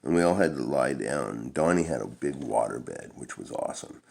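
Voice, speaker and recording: A man's voice: extremely low pitch, lively intonation, moderate pace, vocal fry, a little mellow. A middle-aged man telling a long-winded, profane personal story in a laid-back, rambling way. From Canada.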